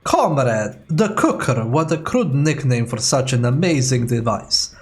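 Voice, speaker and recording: A man's voice: medium pitch, animated, measured pace, a little mellow, faint music behind, close to an everyday voice. A man doing a put-on Russian accent, voicing a Soviet male lab scientist who reads his notes aloud in a hammy, theatrical way. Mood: grandiose.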